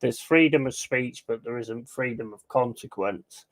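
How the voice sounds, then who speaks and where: A blunt, opinionated man chatting casually on a watch-along stream, swearing freely as he gives his views. His voice sits at an ordinary pitch for a man. It sounds dry and close, with no room echo. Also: a little slow. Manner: reads out viewer chat. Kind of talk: casual chat.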